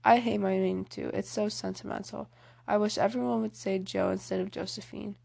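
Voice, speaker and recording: A woman's voice: medium pitch, steady tone, a little fast, vocal fry, mellow. A woman reading aloud as a spirited, outspoken teenage girl in a storybook, in a voice close to her own. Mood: frank. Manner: outspoken, hearty. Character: spirited tomboyish teenage girl, blunt and eager.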